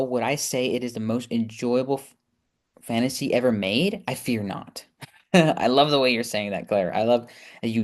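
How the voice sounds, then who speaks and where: A man hosting a casual book review video, reading reviews aloud and answering them with chatty, sarcastic commentary and frequent laughs. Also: medium pitch.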